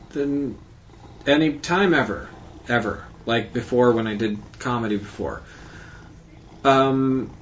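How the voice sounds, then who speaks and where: Man, podcast host, slow halting delivery, lo-fi recording with faint hiss. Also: medium pitch, a bit bright. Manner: halting, rambling, many fillers and restarts. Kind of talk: casual monologue recap.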